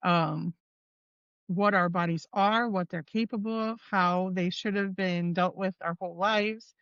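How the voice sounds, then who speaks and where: A woman's voice: lowish voice, steady tone, measured pace, a bit bright, clear, resonant tone, no echo, highs cut off. A woman guest on a podcast, speaking earnestly and with conviction about her plans. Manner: earnest, emphatic. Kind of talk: casual conversation.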